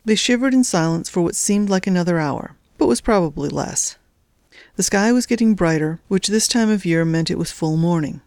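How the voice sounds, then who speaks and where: A woman reading a novel aloud as narrator, in a measured, even storytelling delivery. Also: lowish voice, no echo, clean studio sound. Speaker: audiobook narrator. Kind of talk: scripted narration.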